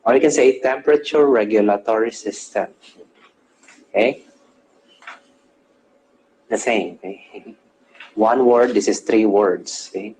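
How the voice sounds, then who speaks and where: A man's voice: on the low side, a little slow, pauses often, darkish tone, a little hiss or hum, low-quality recording. A man teaching a nursing class. He quizzes his students, answers his own questions, and explains English terms as he goes, tagging most phrases with "okay?". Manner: checks in with "okay?" after nearly every phrase. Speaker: nursing lecturer. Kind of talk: classroom lecture.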